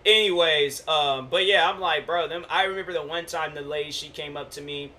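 A man in his twenties casually telling stories on his own podcast, slangy and relaxed, acting out the exchanges he describes. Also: a little fast. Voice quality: deep voice. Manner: laid-back slangy storytelling, acts out quoted exchanges. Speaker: podcast host. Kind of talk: casual storytelling monologue. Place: home, at a laptop.

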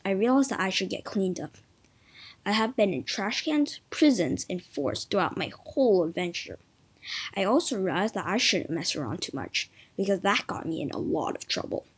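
A woman reads a story aloud with a soft, breathy voice. Her pitch sits in the middle for a woman, and she brightens and rises whenever characters speak. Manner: lively read-aloud delivery, raising voice for quoted lines.

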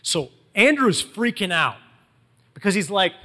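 Animated preacher man in a reverberant hall. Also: high voice, normal speed. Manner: animated storytelling, acts out quotes in casual slang. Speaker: pastor. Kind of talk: sermon.

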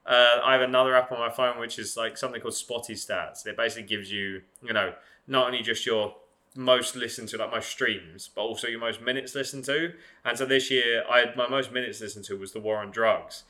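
A young man hosts a podcast in loose, casual chat. His voice is bright and forward, mid-pitched for a man, and he rambles with plenty of fillers and restarts. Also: steady tone, brisk. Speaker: podcast host.

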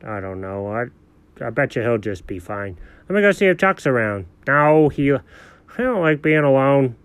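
A man voicing a goofy, gullible male house dog who talks slowly to himself. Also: medium pitch, very animated, clear, resonant tone, no room sound, natural voice. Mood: dopey. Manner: slow, dopey and self-talking.

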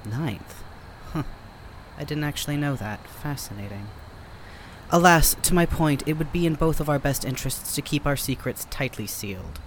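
A man playing a dry, sardonic male companion who speaks in a formal, wordy, deadpan way in an audio drama. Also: on the high side, moderate pace, a little hiss or hum, lightly acted.

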